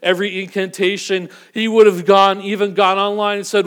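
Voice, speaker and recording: A man preaching a sermon, earnest and building to emphatic peaks before dropping to a low, quiet delivery. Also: little pitch movement, brisk, hardly any pauses, clear, resonant tone. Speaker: pastor.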